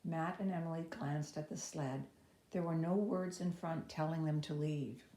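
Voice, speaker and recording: A woman's voice: steady tone, normal speed, warm tone, slight background noise. Woman reading a storybook, roomy echo. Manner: voices each child's lines with raised pitch and energy. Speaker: storybook reader. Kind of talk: reading a children's chapter book aloud. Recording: echoey room.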